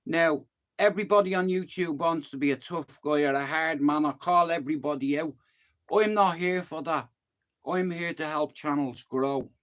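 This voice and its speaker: Rambling Irish man in his fifties, high voice. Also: normal speed, a bit bright. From Ireland. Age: 50s. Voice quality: swears casually. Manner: rambling, repeats "like I said". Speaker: YouTube livestreamer. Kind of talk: casual livestream chat.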